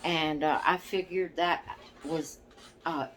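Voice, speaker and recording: A woman's voice: on the low side, expressive, measured pace, a bit bright, a little hiss or hum. An older woman, chatting casually to her camera in a rambling way, laughing often and correcting herself. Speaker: vlogger.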